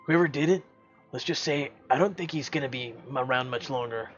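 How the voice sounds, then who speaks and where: A man's voice: medium pitch, brisk, close to an everyday voice. A man voicing a brash young man who boasts and swears emphatically, heard on a slightly dull recording with faint game music. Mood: cocky.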